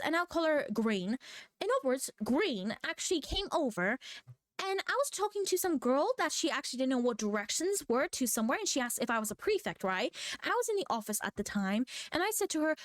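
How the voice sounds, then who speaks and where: A teenage girl ranting as a vlogger, telling stories in an animated, rambling way that keeps correcting itself. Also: sits high, fast talker, dry recording, studio quality. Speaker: VTuber vlogger. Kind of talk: rambling rant.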